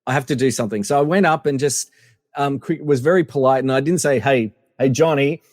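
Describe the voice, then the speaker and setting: A middle-aged man from Australia, a podcast guest telling animated anecdotes with lots of fillers and restarts. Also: medium pitch, a little fast, no room sound, studio quality, big-room sound. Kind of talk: casual storytelling interview.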